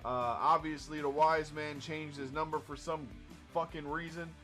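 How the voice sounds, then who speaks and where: A podcast co-host with a fairly high voice tells a story in a loose, profane, animated way. He acts out what people said as he goes. A clear music bed runs behind him. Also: moderate pace. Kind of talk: casual storytelling chat.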